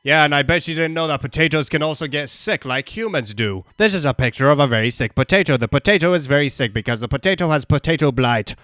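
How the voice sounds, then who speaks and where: A man delivers a comedic explainer in a flat, mock-serious tone. His voice sits a little high for a man and sounds close and dry, with no room around it. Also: fast, few pauses, dry recording. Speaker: comedy video narrator. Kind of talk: deadpan comedic voice-over.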